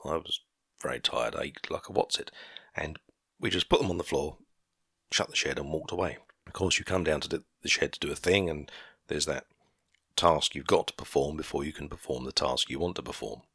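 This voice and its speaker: A man's voice: rumbling low, a little fast, creaky, pushed and bright, slightly rough, dry recording, studio quality. A man in his fifties talks to his listeners in a casual, rambling solo monologue from his garden shed workshop. He wanders off topic easily and chuckles at himself. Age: 50s. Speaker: podcaster.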